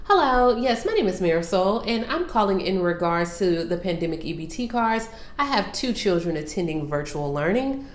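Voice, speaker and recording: A woman's voice: medium pitch, sing-song, moderate pace, roomy sound, lightly acted. A woman putting on a prim proper phone voice. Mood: polite formal. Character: polite woman making a formal phone call.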